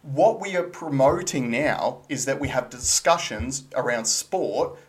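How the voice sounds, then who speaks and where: A man's voice: mid-range voice, animated, unhurried. A man co-hosting a casual podcast chat, earnest and blunt, pressing with questions. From Australia. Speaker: podcast co-host.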